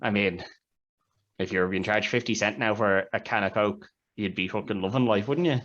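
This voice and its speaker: Man with a low, dull-sounding voice. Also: normal speed, a bit bright. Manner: rambling, retells scenes with quoted voices. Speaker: podcast co-host. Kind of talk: casual film review chat.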